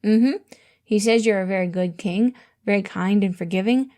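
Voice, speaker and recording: A woman's voice: medium pitch, moderate pace, dark tone, close to an everyday voice. A woman voicing a cheerful, earnest little orphan boy with an eager, innocent way of talking.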